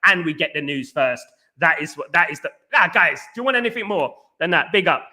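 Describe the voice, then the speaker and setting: A man hosting a live fan stream, talking fast and animated, bantering while reading out chat messages. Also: on the high side.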